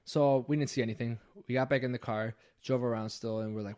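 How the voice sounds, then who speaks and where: Fast-talking young man telling a ghost story. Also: medium pitch. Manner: swears a lot, animated when acting out quotes. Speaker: podcast host. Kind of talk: casual storytelling.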